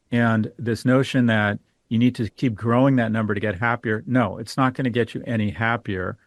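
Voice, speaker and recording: A middle-aged man with a lowish voice appears as a guest financial expert on a podcast interview, recorded in studio quality with no echo. He's candid and opinionated, and he tells stories.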